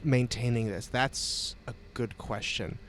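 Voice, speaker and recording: A man running a tabletop game as game master, relaxed and quick to laugh. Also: medium pitch, slight background noise.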